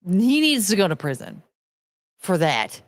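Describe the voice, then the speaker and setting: A woman in her thirties speaks in an unhurried, lowish voice, recorded without echo. As host of a casual show she goes through chat, answering in a blunt, somewhat profane, animated way and mimicking people mockingly when she quotes them.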